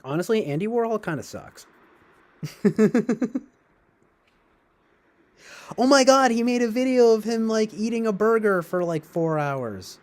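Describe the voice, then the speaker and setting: Animated yet unhurried, this man speaks in a high voice with long pauses. He's chatting casually on a livestream, rambling along with sarcastic comments, frequent laughs, and sentences that trail away.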